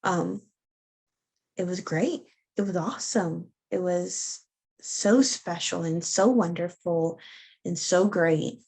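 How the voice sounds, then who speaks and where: A woman's voice: lowish voice, takes it slowly, a little mellow, slightly rough. A young woman from the United States, telling a personal story casually and animatedly, with many ums and likes, acting out the voices of the people she quotes. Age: young adult. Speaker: guest sharing her birth story.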